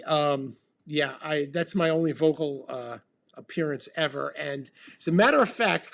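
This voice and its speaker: A man in his fifties hosting a casual livestream chat, rambling and laid-back with many ums while sipping bourbon. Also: fairly high pitch. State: drinking bourbon while talking. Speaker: band member hosting a livestream.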